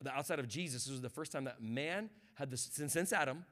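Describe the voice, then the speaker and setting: Preaching as a guest pastor, this man begins quietly reflective and rises to shouting fervor, urging the congregation to answer him. His voice sits in the mid-range and runs a little fast.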